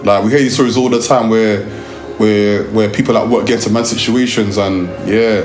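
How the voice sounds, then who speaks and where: A young man with a London accent tells a lively, slang-heavy story from his work filming music videos. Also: on the low side, moderate pace, echoey room. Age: young adult. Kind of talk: storytelling interview.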